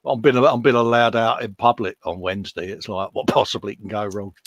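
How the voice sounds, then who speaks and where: A man's voice: fairly low pitch, a little fast, background noise. A man in his fifties chatting casually on a live stream, self-mocking and jokey, calling everyone mate. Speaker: co-host.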